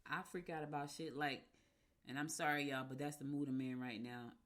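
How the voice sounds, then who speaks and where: Candid, low-voiced woman radio host. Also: a little fast. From Newark, New Jersey. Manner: animated, candid, swears freely. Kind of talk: casual personal monologue.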